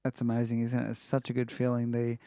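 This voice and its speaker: Gravelly man hosting a chat show. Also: medium pitch, completely flat delivery, quick pace, warm tone, no echo, clean studio sound. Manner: chatty, many "you know" fillers. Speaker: podcast host. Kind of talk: casual interview chat.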